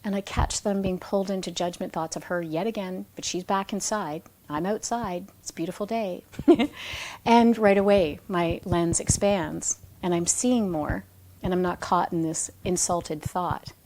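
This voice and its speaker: A woman with a slightly low voice reads from her own book in a reflective, conversational way. She drifts from the text into personal stories and often restarts her phrases mid-thought. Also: moderate pace, darkish tone. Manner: self-correcting, restarts phrases. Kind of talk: book reading with spontaneous asides.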